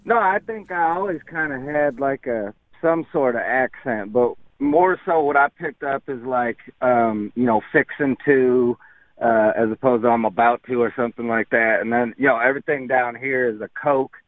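A man from New York calling in to a radio show, talking in a relaxed, rambling way. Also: medium pitch, normal speed, no room sound. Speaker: caller. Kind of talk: casual phone-in chat. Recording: tinny phone line.

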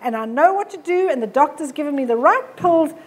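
A woman acting out a loud middle-aged woman on her phone who repeats herself insistently. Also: high-pitched, lively intonation, a little fast.

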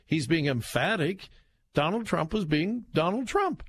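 A man's voice: a little high, very animated, moderate pace, slightly rough, dry recording. A man hosting a talk show, giving emphatic, conversational political commentary as he reacts to headlines.

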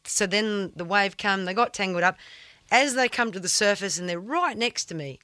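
A woman talks through a story the way a surfer would, blunt and salty with plenty of swearing. Her voice is mid-pitched and recorded dry and close, with no room sound. It sounds like a relaxed podcast chat. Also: normal speed, no echo. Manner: vivid, blunt storyteller who swears freely. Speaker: guest, surfer.

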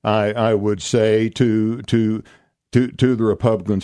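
An older man hosts a radio talk show in a folksy, rambling way, full of restarts and repeated yeps. His voice sits low and sounds dry and close to the mic. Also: little pitch movement, measured pace, warm tone, dry recording. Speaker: radio host. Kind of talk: casual chat.

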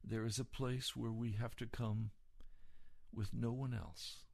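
A man preaching as a pastor, speaking earnestly and sometimes rising in pitch as he urges his listeners on. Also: fairly even intonation, a little slow, gravelly, a little mellow. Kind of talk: sermon.

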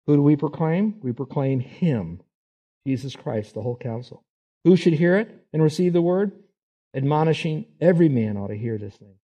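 A male pastor preaching a sermon in an emphatic, animated way, sometimes drifting off the mic. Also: muffled recording. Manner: emphatic preaching, voices quoted figures with rising pitch.

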